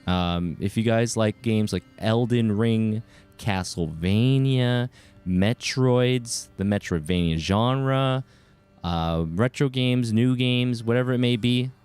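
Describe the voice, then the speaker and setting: A man's voice: medium pitch, slow pace, darkish tone, clear, resonant tone, faint music behind. A man streaming a video game, chatting casually and cheerfully greeting viewers in chat. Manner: upbeat, greets chatters by name, chatty asides.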